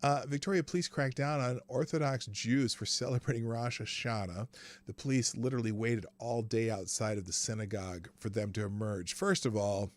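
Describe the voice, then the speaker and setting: A man's voice: medium pitch, fairly even intonation, moderate pace. A man hosting a live news commentary stream, ranting sarcastically, swearing freely and laughing between sentences. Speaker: show host.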